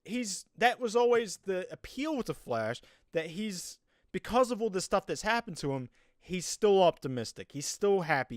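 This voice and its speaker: A man's voice: high voice, dry recording, studio quality. A man with a New Zealand accent giving a casual, rambling spoken review of a TV episode, with lots of filler words.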